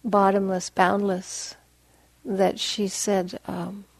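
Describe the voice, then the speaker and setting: A woman meditation teacher giving a dharma talk in a soft, gentle, unhurried voice that often drops to a hush. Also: mid-range voice, flat delivery, no echo. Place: meditation hall.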